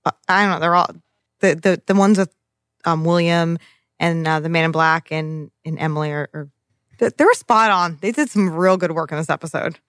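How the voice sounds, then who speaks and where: Sarcastic podcast co-host, mid pitch, dry close recording, casual profanity. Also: fairly bright tone, no room sound. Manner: sarcastic, profane, quick teasing. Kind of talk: casual recap chat.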